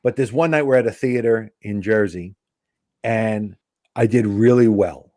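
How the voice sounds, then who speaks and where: A middle-aged male comedian telling a backstage story as a guest, lively and acting out the people in it. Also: on the low side, unhurried, no room sound, clean studio sound. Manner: animated, acts out voices in anecdotes. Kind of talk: casual storytelling.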